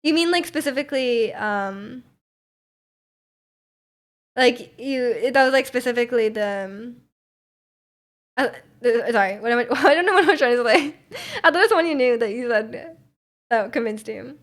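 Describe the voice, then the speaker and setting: A young woman from North America with a slightly high voice chats on her livestream. She rambles, laughs easily and fills every gap with little fillers, just hanging out with viewers. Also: lively intonation, normal speed, pauses often. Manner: rambling, filler-heavy, giggly. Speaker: livestream host. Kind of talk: casual stream chat.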